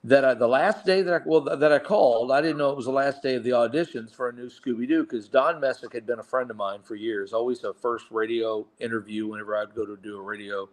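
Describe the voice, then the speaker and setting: A man's voice: mid-range voice, fast, hardly any pauses. A middle-aged man, a voice actor guest, telling long casual anecdotes with many restarts and asides. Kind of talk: casual storytelling interview.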